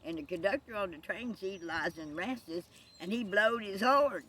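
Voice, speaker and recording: A woman telling a folksy joke story with drawn-out asides. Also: medium pitch, bright, forceful tone, a little hiss or hum.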